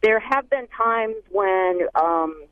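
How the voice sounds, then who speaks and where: A caller on a radio show speaking hesitantly and earnestly, with many fillers. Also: male voice, high-pitched, lively intonation, slow pace, clean tone, no room sound. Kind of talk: call-in radio question. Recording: tinny phone line.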